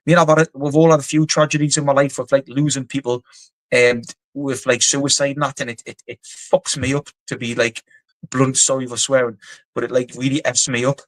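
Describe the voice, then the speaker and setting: A man's voice: medium pitch, level tone, a little fast, dry recording. A man talking as a guest on a video call from offshore quarters, rambling and swearing bluntly. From England. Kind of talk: casual interview chat.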